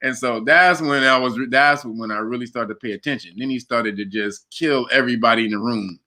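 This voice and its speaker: A man telling a personal story in a casual interview, animated and laughing as he acts out quotes. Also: medium pitch, fairly quick, hardly any pauses. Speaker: guest.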